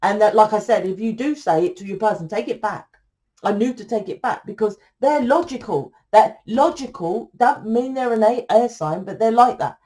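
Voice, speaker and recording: A woman gives a casual tarot reading, blunt and swearing freely. She sounds tired. Her voice sits at an everyday middle pitch. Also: lively intonation, moderate pace, mellow. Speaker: tarot reader.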